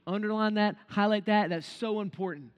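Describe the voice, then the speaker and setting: A man with a high voice preaches an earnest devotional sermon. He slows right down to lean on key phrases. His voice trails off in a long reverb tail. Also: fairly even intonation, clear, resonant tone, dull audio.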